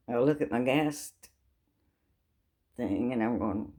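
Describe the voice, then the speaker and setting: A woman's voice: a bass voice, fairly even intonation, measured pace, warm tone. An older woman telling a funny family story in a folksy way, with sound effects. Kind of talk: casual storytelling.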